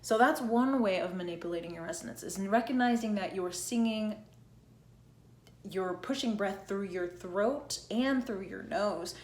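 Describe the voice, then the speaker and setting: A woman's voice: mid-range voice, normal speed, a little mellow, echoey room. A woman teaching an online singing lesson, explaining plainly, checking in often with "okay?" and singing short demonstration notes. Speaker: singing coach.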